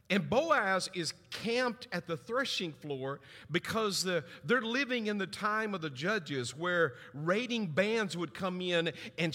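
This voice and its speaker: A middle-aged man preaching a sermon, telling stories and acting out family voices with big swings in pitch. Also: pushed and bright. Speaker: pastor. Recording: long hall reverb.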